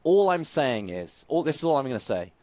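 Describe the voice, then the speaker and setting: A man co-hosting a comic football chat show, explaining things in a wry, deadpan way. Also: mid-range voice, fairly quick. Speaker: podcast co-host.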